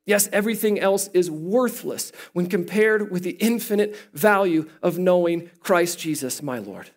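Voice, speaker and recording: High-voiced, animated male pastor preaching. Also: normal speed. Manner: animated, playful, jokes with the congregation. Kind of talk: sermon.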